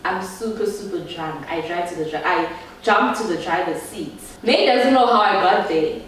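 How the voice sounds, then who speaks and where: A woman's voice: lowish voice, normal speed, far from the mic. Chatty South African woman, echoey room. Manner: chatty, laughing, talks straight to viewers. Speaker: YouTuber. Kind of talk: storytime vlog.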